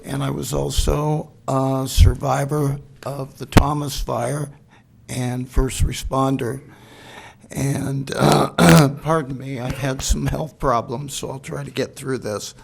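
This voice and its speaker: An older man speaks slowly from a council chamber podium, his voice gravelly with fry. He talks in an earnest, halting way, giving a warning in his public comment. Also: medium pitch, flat delivery, slight background noise.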